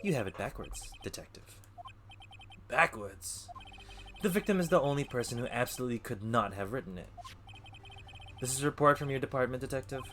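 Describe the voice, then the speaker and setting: A man's voice: medium pitch, expressive, a little fast, pauses often, background noise, natural voice. A man voicing an earnest young male defense lawyer who presses his questions. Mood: pressing.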